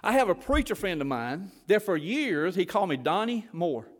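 A man's voice: high-pitched, very animated, normal speed, big-room sound. A man preaching a sermon, telling folksy stories as a former missionary. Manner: folksy storytelling, Southern phrasing. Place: church.

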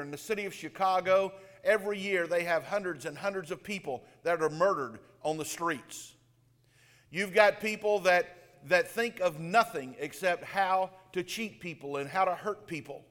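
High-voiced male preacher in a reverberant hall. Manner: storytelling, voices the dialogue of the people in the story. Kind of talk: sermon. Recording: long reverb of a large hall.

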